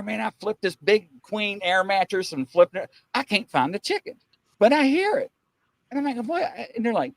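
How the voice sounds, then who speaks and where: Guy hosting a show, high voice all over the place, excitable and laughing, on a video call. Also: no echo. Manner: excitable, laughs through his story. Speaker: show host. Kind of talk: animated storytelling chat.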